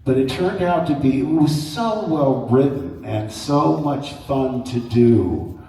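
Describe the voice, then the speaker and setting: A man spins animated stories for a convention audience, slipping into voices and laughing between lines. His voice sits at an ordinary pitch and comes from some distance. A big, echoing hall rings around every word, with a faint hiss underneath. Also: slow pace, vocal fry. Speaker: convention panel guest. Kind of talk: anecdotal storytelling to an audience. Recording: echoey hall from far off.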